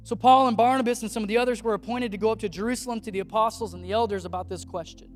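Pastor giving a sermon, casual and slangy, acting out scripture scenes, mid-pitched voice, soft music underneath. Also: fairly even intonation, racing. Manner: casual, slangy preaching that acts out biblical figures.

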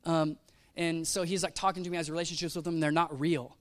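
A man preaching a sermon in a casual, animated way, full of slang and acted-out asides. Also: on the high side, fast talker. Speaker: pastor.

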